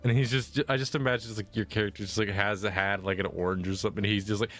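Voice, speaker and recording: A man chatting casually on a stream about tabletop characters, animated and laughing as he acts out lines. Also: fairly low pitch, quick pace, soft background music.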